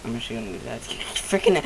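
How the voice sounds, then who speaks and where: A man giving casual let's-play commentary from home, excitable, rambling and easily startled. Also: sits high, moderate pace, vocal fry, background noise. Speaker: gamer.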